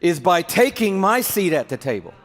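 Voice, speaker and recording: A middle-aged man preaching a sermon in a large hall, animated and acting out little scenes to make his point. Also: high-pitched, normal speed. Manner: animated, acts out little skits with props. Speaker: pastor. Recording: reverberant hall.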